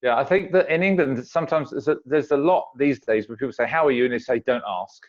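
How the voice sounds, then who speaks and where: A man's voice: mid-range voice, fast, highs cut off. A man, a guest on a video call, chatting casually and acting out little everyday exchanges. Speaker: interview guest. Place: home in Zambia.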